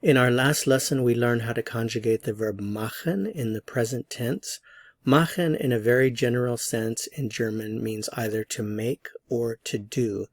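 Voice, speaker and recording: A man of medium pitch gives a scripted language lesson in a clear, patient voice, and he slows down for each example word. He is recorded close to the mic in a dry room. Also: dry recording. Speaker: language teacher.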